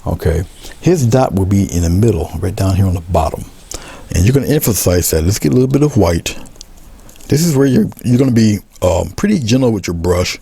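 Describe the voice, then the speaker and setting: A man teaching a painting demonstration, talking relaxed as he paints, repeating short coaching phrases and often trailing off into a murmur. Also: on the low side, a little fast, creaky, breathy edge, no room sound. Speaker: art instructor.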